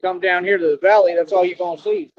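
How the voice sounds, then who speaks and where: A man's voice: sits high, fairly even intonation, quick pace. A young man with an American country accent, a live streamer delivering a brash, preachy rant to his viewers. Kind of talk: ranting monologue to viewers. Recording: dull lo-fi stream audio with faint noise.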